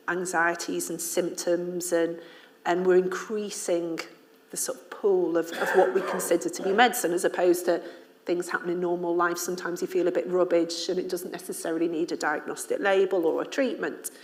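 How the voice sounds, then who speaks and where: A woman's voice: fairly low pitch, moderate pace. A woman from Liverpool, an author and journalist speaking candidly to an audience at a public event, telling stories with frequent laughter. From Liverpool, England. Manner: candid, animated storyteller who laughs often. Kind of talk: casual talk at a public ideas event.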